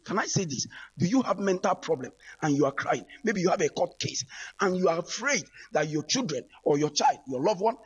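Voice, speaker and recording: A man preaches on the radio in a voice that sits high, with a breathy edge and a fairly quick, animated pace. In this broadcast appeal, he fervently and repeatedly calls out directly to listeners.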